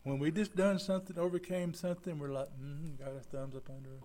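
A man's voice: on the high side, steady tone, brisk, mellow. A man preaching a folksy sermon as pastor, acting out the people he quotes. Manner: folksy, acts out quoted voices.

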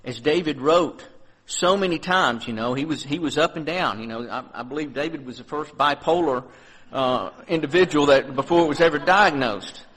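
A pastor preaches in a slightly high, somewhat rough man's voice at a moderate pace, captured on a rough recording. He reads scripture aloud and explains it earnestly and conversationally, his voice rising on the readings and softening on the reflections.

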